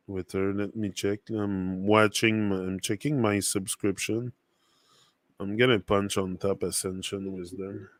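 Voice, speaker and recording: A man's voice: on the low side, no room sound, studio quality. A man whose first language is French, speaking English with a French accent, talking loosely and rambling on a casual motivational livestream full of fillers and restarts. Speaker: livestream host.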